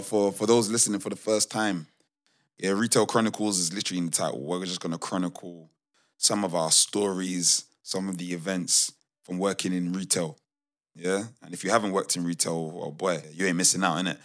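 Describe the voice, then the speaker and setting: A young man co-hosting a podcast, telling work stories in a casual, animated, slangy way with many restarts. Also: low voice, moderate pace. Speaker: podcast co-host. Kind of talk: casual storytelling chat.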